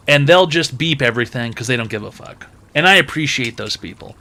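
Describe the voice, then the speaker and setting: A man with a bright, forceful voice rants comedically as the host of an advice show. He swears freely and sounds exasperated, and his voice jumps up into loud outbursts. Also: medium pitch, lively intonation, a little fast. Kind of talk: comedic rant.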